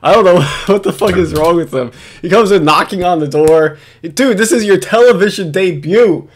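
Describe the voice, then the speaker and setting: A man talks through a video in loose, sarcastic commentary, swearing freely and tripping over his own restarts. His voice sits a bit on the high side for a man. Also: moderate pace, a little hiss or hum. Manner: rambling, laughing, sarcastic, lots of restarts. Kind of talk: casual profane commentary.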